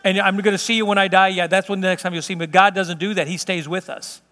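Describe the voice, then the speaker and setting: A man's voice: sits high, little pitch movement, fast, pushed and bright, in a large hall. A man pastor preaching a sermon in an earnest, conversational way, telling vivid stories from everyday life.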